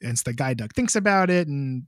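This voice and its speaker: A man's voice: medium pitch, expressive, a little fast, no room sound, studio quality. A young adult man, a composer, telling a long story in a casual, rambling way, full of filler words. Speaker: composer, podcast guest.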